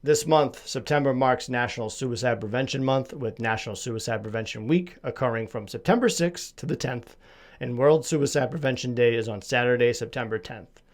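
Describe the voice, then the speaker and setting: A man's voice: medium pitch, normal speed. Rambling self-mocking podcast guy. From Massachusetts. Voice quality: slight lisp. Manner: rambling, self-deprecating, jokey with many fillers. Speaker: podcast host. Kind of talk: casual solo podcast chat.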